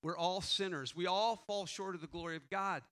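Earnest high-voiced male pastor preaching. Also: steady tone. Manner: earnest, rhetorical questions, frequent restarts; prays quietly and slowly. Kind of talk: sermon.

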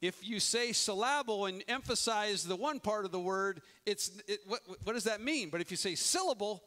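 A man's voice: high-pitched, animated, normal speed, bright, forceful tone. A middle-aged male pastor giving a sermon in a conversational, emphatic way, often restarting his sentences.

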